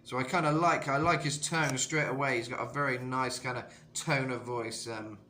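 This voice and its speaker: A man with a slightly rough throat giving a casual, rambling singing tutorial as a vocal coach, full of "you know". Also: medium pitch, fairly even intonation, moderate pace, bright, forceful tone, slight background noise. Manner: rambling, lots of "you know", jumps into sung demos.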